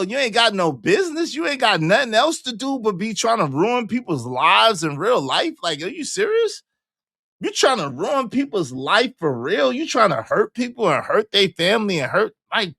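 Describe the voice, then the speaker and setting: Animated streamer man, dry close mic. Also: normal speed, creaky, few pauses, no echo. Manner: animated, swings between loud high exclamations and low mutters; repetitive, joking denials. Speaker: livestream host. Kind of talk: casual livestream chat reading comments.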